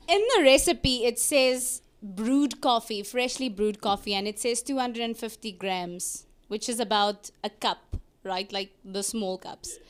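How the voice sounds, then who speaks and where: A woman co-hosting a casual chat, telling stories in a playful, teasing way. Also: a little high. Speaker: co-host.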